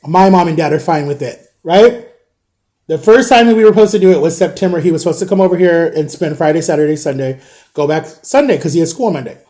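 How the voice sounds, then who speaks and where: Man, 30s, high voice with a mellow tone; rambling, exasperated vlogger who swears casually. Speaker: father vlogging about parenting. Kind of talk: casual storytime vlog.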